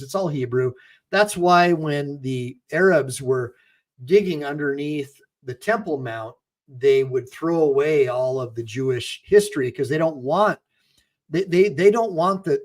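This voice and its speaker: A middle-aged man hosting a livestream, talking emphatically to his viewers, often repeating himself and preaching. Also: medium pitch. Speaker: attorney and channel host.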